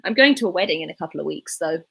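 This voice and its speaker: A woman's voice: low-pitched, lively intonation, racing, gravelly, a bit bright, breathy edge. A woman in her twenties with a Southern English RP accent, chatting casually on a livestream and reading viewer comments aloud. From England. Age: 20s. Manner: chatty, rambling, reads chat aloud. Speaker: livestreaming YouTuber.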